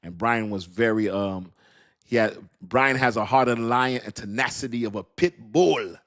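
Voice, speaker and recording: A man's voice: medium pitch, normal speed, a bit bright, no echo, clean studio sound. A man hosting a crypto livestream in casual chat, slangy, laughing often and repeating his phrases.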